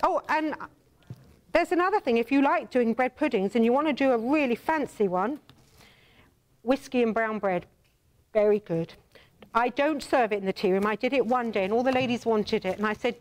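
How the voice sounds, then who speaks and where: A woman's voice: fairly high pitch, moderate pace. An older English woman hosting a cooking demonstration, chatting theatrically and teasing her viewers as darling. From England. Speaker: cooking show host.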